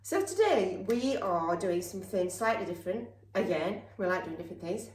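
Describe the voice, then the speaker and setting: A woman's voice: fairly low pitch, animated, normal speed, a little mellow, roomy sound. A woman co-hosting a casual home cooking vlog, teasing and playful as she goes through the ingredients.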